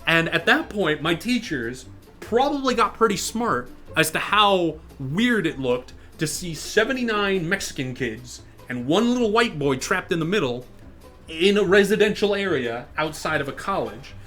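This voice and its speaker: A young man casually telling a funny personal story, acting out the people in it with a louder raised voice, over faint background music. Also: high voice, normal speed. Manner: animated, acts out quotes in louder raised voice. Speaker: storyteller and channel host. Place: online virtual social space.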